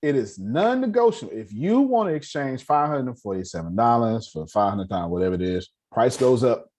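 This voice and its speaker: A man with a husky, slightly breathy voice delivers a motivational talk to a live crowd. His pitch swings widely as he preaches in a folksy, direct way, calling out to his listeners. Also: sing-song, a little fast, a little mellow. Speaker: motivational speaker. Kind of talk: lively talk to a live audience.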